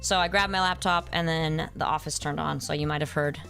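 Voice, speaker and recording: A young woman with a deep voice streams a game, chatting casually over faint background music, her intonation fairly even and her pace a little fast. Her tone is a bit bright and edged with vocal fry. Playful and easily distracted, she hums nonsense sounds as she plays and answers her chat by name.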